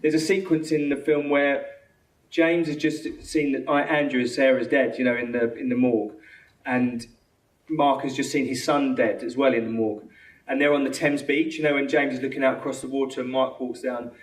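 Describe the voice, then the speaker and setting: A man with a London accent, a film director answering questions after a screening, talking quickly with many restarts and acted-out quotes. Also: mid-range voice, steady tone. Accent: London English. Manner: fast, rambling, full of restarts and quoted dialogue. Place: cinema auditorium. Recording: echoey hall from far off.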